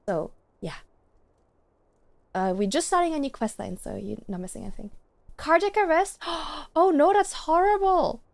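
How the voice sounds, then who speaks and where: A woman's voice: medium pitch, big pitch swings, normal speed, vocal fry, long pauses. A young woman streaming games, chatting casually and gushing to her chat with giggles.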